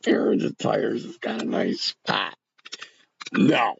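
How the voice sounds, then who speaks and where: Brief: gravelly middle-aged male streamer, slow and rambling, wide pitch swings, dry dull mic. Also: sing-song, dry recording. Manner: rambling, talks to chat viewers by name. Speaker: livestream host. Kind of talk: rambling casual livestream chat. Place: home bunker.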